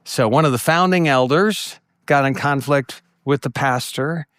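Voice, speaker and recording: A man's voice: unhurried, fairly bright tone, clear, resonant tone, no echo, studio quality. A middle-aged man giving a conference talk to ministry workers, telling stories and acting out the voices of people he quotes. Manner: storytelling, acts out quoted voices with jumps in pitch. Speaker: conference speaker.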